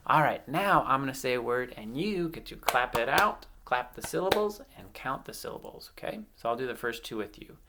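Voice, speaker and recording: Low, gravelly teacher woman. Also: animated, a little fast, hardly any pauses, pushed and bright, a little hiss or hum. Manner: sing-song encouraging drills, stretched words. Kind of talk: online classroom lesson for young children.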